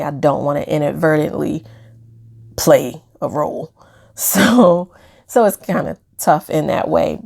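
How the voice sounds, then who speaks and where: Low gravelly-voiced woman vlogger. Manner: soft-spoken, hesitant, many fillers, laughs while talking about pain. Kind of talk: personal reflective video diary.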